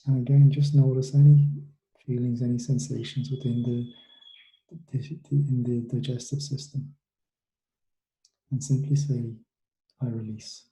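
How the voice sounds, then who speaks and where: Slow, mellow-voiced man guiding meditation. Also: mid-range voice, level tone. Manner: soft, unhurried instructions with long pauses. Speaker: mindfulness coach for students. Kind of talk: guided relaxation meditation. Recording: echoey room.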